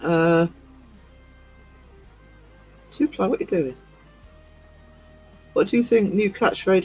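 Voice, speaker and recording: Guy on a livestream, keeps giggling, slow talker, a bit high, faint music behind. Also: breathy edge, low-quality recording. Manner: giggly, reading chat aloud. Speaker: livestream host. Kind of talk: casual live-stream chat.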